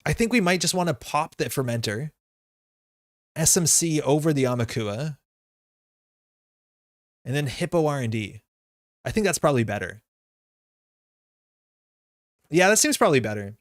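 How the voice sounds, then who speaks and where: A man's voice: fairly high pitch, expressive, normal speed, pauses often, no echo, clean studio sound. A man streaming a card game live, thinking his moves through aloud in a casual way with plenty of fillers. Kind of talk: live gameplay commentary.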